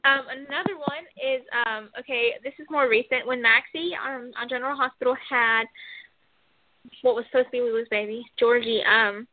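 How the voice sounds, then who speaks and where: A woman co-hosting a casual chat show, rambling and animated as she retells scenes with lots of fillers. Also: a little high, moderate pace. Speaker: co-host. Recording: phone-like dry sound.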